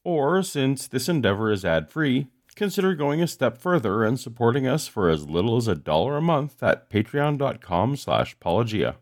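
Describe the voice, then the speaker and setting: A man's voice: mid-range voice, big pitch swings, moderate pace, few pauses. A man hosting a podcast, giving dry, mocking commentary over video clips. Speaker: podcast host.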